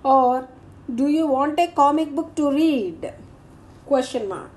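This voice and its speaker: A woman teacher, slowly reading out grammar exercise answers and punctuation marks. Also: high voice, lively intonation, a little mellow, slight background noise. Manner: slow, deliberate dictation of answers and punctuation.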